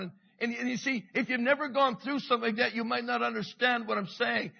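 A middle-aged man preaching a sermon with passion, dropping to a hush and rising again, repeating his phrases. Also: very high voice, flat delivery, a little fast, vocal fry, few pauses, muffled recording. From Canada. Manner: passionate, swings from hushed to loud, repeats phrases. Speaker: pastor.

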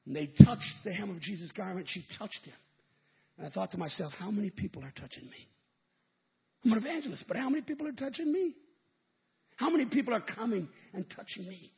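A male evangelist delivers a sermon in a very high-pitched voice. He tells stories and then rises into emphatic, shouted peaks. The recording sounds dull and lo-fi. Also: expressive, a little fast, gravelly.

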